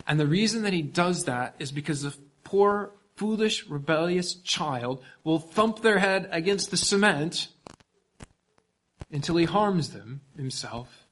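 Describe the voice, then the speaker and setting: A man preaching a sermon as pastor, emphatic, swinging from loud passages to hushed ones. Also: a little high, animated, a little slow.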